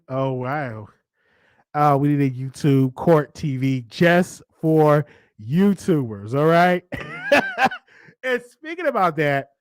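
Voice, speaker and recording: Speaking in a high voice with a Southern US accent, a man runs a live call-in talk show with casual commentary. He's chatty, repeats himself, and laughs a lot. The sound is studio quality, with no echo.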